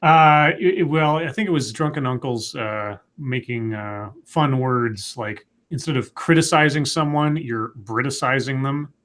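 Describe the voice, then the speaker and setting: A man's voice: mid-range voice, unhurried, few pauses, fairly bright tone. Laid-back man co-hosting with a sore head. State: sore head after a migraine. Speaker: co-host. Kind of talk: casual live-stream chat.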